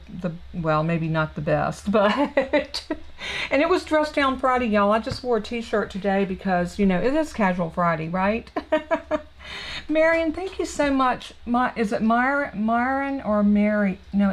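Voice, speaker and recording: A woman's voice: medium pitch, vocal fry, poor audio. Southern woman, craft live-stream host, casual rambling chat, fillers, home craft room. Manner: chatty, warm, rambling with fillers and restarts.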